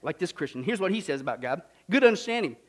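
A man preaching a sermon with jokes, animated, swinging from loud to hushed. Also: high voice, fast talker. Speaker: pastor.

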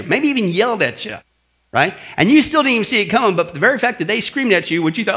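Animated high-pitched male preacher. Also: fast talker. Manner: animated storytelling with acted shouts and asides; keeps asking the audience "right?". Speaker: pastor teaching apologetics. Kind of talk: sermon.

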